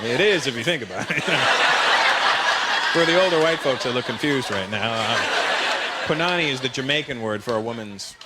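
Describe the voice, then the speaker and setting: A man performing a stand-up comedy set before a large audience, telling animated stories and acting out the people in them. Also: medium pitch, normal speed, pauses often, very noisy. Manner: animated, storytelling with voices. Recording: live show with loud audience laughter.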